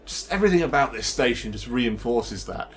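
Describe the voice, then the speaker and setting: A man's voice: mid-range voice, lively intonation, a little fast, slight background noise. Chatty man doing game commentary. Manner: chatty, enthusiastic, laughs often. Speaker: gameplay commentator. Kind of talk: casual gameplay commentary.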